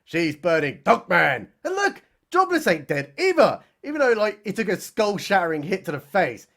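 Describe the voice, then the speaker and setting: A man's voice: high-pitched, sing-song, normal speed, gravelly, a bit bright. A man narrating a mocking, sarcastic comedy recap of a TV episode. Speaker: comedy reviewer.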